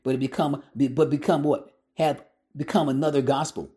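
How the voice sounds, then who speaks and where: A man's voice: a little high, fairly even intonation, fairly quick, warm tone. A man preaching in a monologue, emphatic and blunt, firing rhetorical questions at his listeners and mixing street slang into his sermon.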